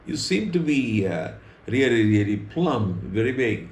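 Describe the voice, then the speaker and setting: A man's voice: mid-range voice, big pitch swings, measured pace. Man putting on a lean, hungry wolf. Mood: friendly greeting. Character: thin hungry male wolf, friendly. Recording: roomy echo, faint background hum.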